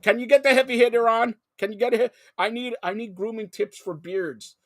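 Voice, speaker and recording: A man hosting a live broadcast, talking in an excitable, rambling way that jumps between topics. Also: very high-pitched, a little fast, dry recording, clean studio sound. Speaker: host. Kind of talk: live call-in broadcast chat.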